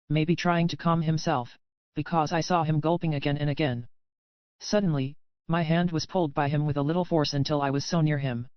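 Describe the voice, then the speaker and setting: A man narrating a dark romance audiobook in the first person, reading in an even, unhurried way. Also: on the high side, clear, resonant tone, no echo, highs cut off.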